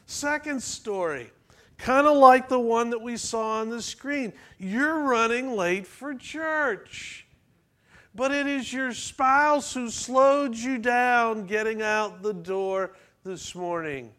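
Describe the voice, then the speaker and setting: Preacher guy in church, unhurried, keeps quizzing the pews, real high bright voice. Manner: asks the congregation questions, conversational. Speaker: pastor. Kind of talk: sermon.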